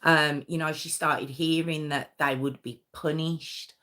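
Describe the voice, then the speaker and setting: A woman's voice: sits low, fairly even intonation, a little slow, sharp tone. A woman hosting a live true crime stream, telling the story conversationally with many fillers and restarts.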